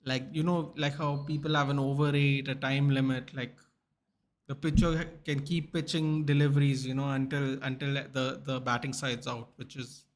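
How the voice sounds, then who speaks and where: A man's voice: medium pitch, level tone, moderate pace. A man hosting a live football watchalong, chatting casually and answering viewer questions while tired from a sleepless night. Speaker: sports channel host. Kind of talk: live match watchalong commentary and chat replies.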